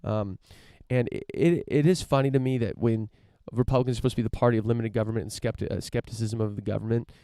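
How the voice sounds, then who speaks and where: Gravelly, low-voiced man ranting casually. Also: fairly even intonation, quick pace, hardly any pauses, dark tone, no room sound, studio quality. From United States. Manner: rambling, many fillers and restarts, swears casually. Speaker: podcast host. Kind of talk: casual opinion monologue.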